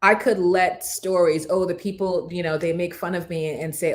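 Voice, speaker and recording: Lady hosting a morning show, fired up and preachy, kinda low voice. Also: steady tone, normal speed. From Jamaica. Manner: emphatic, preacher-like, scripture-quoting. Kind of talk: motivational talk.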